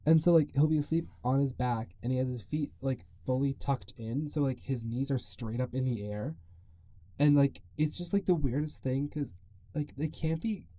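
A man's voice: mid-range voice, normal speed, warm tone, no echo. A young man hosting a casual solo podcast, rambling with lots of "like" and frequent chuckles. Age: young adult. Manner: rambling, peppered with "like", chuckles often. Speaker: podcast host.

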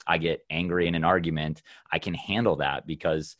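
Deep-voiced enthusiastic male host. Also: fairly even intonation, brisk, fairly bright tone, dry recording, studio quality. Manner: enthusiastic, uses lots of "like" and "you know". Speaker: podcast host. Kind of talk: casual podcast conversation.

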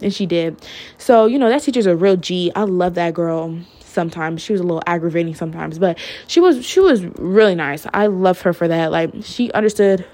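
A woman's voice: lowish voice, a little fast, mellow. A young adult woman hosting her own podcast, talking in a candid, chatty way, filling her talk with "like" and "literally" and laughing now and then. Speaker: podcast host. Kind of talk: casual solo podcast monologue.

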